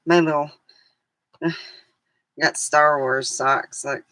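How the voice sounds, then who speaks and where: Woman, vlogger, slow talker, rambling, hesitant, chatty then calm guided relaxation. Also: low voice, no room sound, low-quality recording. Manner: rambling, hesitant, loses her train of thought. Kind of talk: casual chat and guided meditation.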